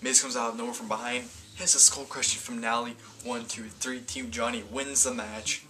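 Bright-voiced man rambling through a review. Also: mid-range voice, little pitch movement, moderate pace, slight background noise. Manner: rambling, stumbling, self-correcting. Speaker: wrestling event reviewer. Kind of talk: casual video review.

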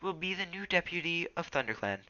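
A young man voicing a solemn, hushed female clan leader cat in a storybook reading. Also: fairly low pitch, animated, fairly quick, highs cut off, voice pushed up.

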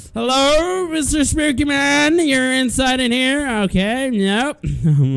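A jittery man commentating a horror game in a high voice that leaps all over the place. He talks slowly and drawls between sudden yelps, chatting nervously to the monster and cursing under his breath. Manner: talks to the game's monster, swears and mutters to himself. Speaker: let's play gamer.

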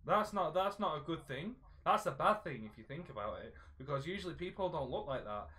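A man's voice: on the high side, lively intonation, brisk, bright, forceful tone. A young man commentating a horror game as he plays, panicking, laughing and joking with a friend. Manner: shrieking, laughing, jokey. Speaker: gaming YouTuber.

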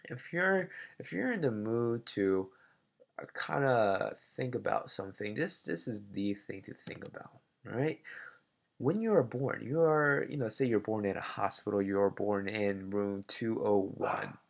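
A man's voice: lowish voice, animated, unhurried, vocal fry. Playful male physics teacher. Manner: playful, jokey asides. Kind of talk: classroom lesson.

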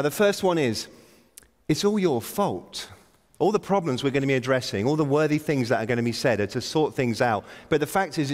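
A wry man delivers an opening address on a conference stage. His voice rings out through a big hall with long reverb. He is self-deprecating and keeps urging the crowd to get moving. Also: mid-range voice. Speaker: keynote speaker.

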